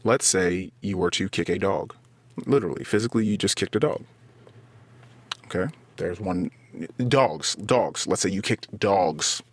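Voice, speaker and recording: A man's voice: low voice, a little slow, no room sound. A man hosting a podcast, talking earnestly on his own, blaming himself and working through long everyday analogies. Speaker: podcast host. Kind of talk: solo reflective monologue.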